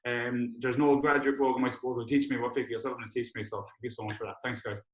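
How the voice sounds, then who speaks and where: A young man from hosts an awards evening and thanks people one after another, full of restarts and fillers. His voice is flat in pitch and his words come quickly. The room around him sounds roomy and echoing. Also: background noise. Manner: heartfelt, rambling, many restarts and fillers. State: tearful. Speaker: students' union president hosting an awards event. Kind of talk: emotional thank-you speech on a video call.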